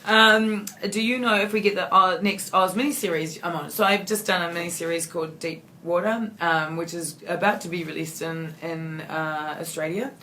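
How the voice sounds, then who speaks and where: A lower-voiced woman chats through fan questions, rambling and gushing with plenty of ums and restarts. A faint hum of noise sits under her voice. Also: normal speed, hardly any pauses. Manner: rambling, warm and effusive, many fillers and restarts. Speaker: actress answering fan questions. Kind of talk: casual Q&A.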